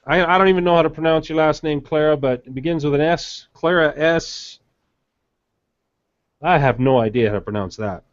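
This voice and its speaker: A man's voice: on the high side, quick pace, few pauses, muffled recording. A man co-hosting a live webinar, casual and hesitant, with many fillers as he reads out winners. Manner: hesitant, many fillers while reading names. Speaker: webinar co-host.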